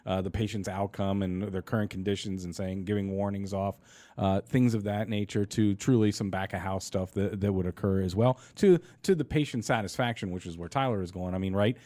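A man's voice: deep voice, fairly even intonation, fairly quick, dark tone. A man hosting a casual panel chat, leading the conversation and affirming others.

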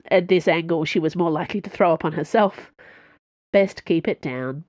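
Dry, lowish woman narrating a novel. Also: moderate pace, no echo. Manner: expressive storytelling with dry wit. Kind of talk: scripted narration of a science fiction novel.

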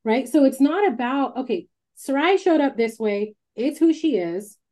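A woman hosting a candid casual chat, talking emphatically, swearing freely and telling stories in an animated way. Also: sits high, moderate pace. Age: adult with a child. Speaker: podcast host.

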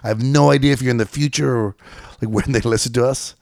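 A man co-hosting a podcast, chatting casually and tossing in quick jokey interjections. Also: mid-range voice, steady tone, vocal fry, a little mellow, no room sound, clean studio sound. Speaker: podcast co-host. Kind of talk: casual chat.

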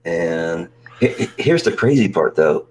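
A man with a very low voice co-hosts a casual podcast, spinning teasing stories and laughing often. A faint ambience sits under his voice. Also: animated, measured pace, a little mellow, slight background noise, rough recording. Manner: joking, teasing storyteller who laughs a lot. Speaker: podcast co-host. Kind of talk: casual chat.

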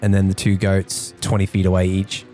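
A man playing a tabletop game, talking casually and thinking out loud through his turn. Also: low voice, monotone, moderate pace, faint music behind. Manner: casual, thinking aloud, laughs easily. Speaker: player.

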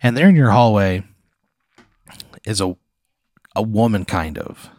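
Deadpan guy rambling thru a made-up story, low voice, dry sound. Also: unhurried, no echo. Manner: deadpan, rambling second-person narration. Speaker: improv storyteller. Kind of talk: improvised comedy storytelling.

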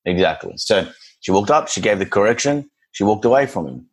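Brief: deep, husky man; dog trainer telling lively client stories in casual talk. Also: brisk, poor audio. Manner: animated storyteller acting out clients and dogs. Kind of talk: casual podcast chat.

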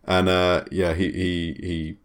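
A man's voice: low voice, little pitch movement, slow pace. A man running a comedy tabletop game as game master, rambling with many fillers. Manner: rambling, laughing, filler-heavy.

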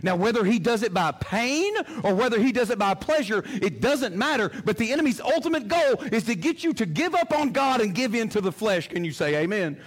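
A man's voice: high-pitched, sing-song, fairly quick, hardly any pauses. A male pastor preaching a sermon in an impassioned, emphatic way, often repeating his phrases.

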